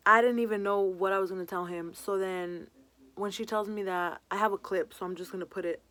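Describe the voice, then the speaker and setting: Her voice is medium in pitch, steady, and a bit bright. She's a young woman vlogging a personal story casually, chatting away, plugging every gap with "like" and dropping Spanish words in as she goes.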